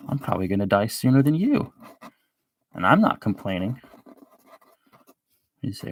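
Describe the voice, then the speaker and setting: A man's voice: medium pitch, big pitch swings, moderate pace, pauses often. A man hosting a live show, rambling with sardonic asides while he draws. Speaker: show host. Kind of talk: rambling live-stream commentary while drawing.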